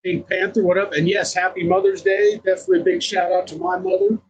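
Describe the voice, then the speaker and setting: A man co-hosting a relaxed livestream chat, greeting viewers by name and shouting them out. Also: sits high, fast, muffled recording, a little hiss or hum. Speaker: co-host.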